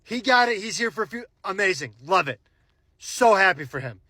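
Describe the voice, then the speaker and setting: An enthusiastic American man gushes in casual commentary, his voice pitched high and bright. He swears loosely and piles on praise. The sound is dry and close. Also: animated, normal speed, dry recording. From United States. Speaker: social media commentator.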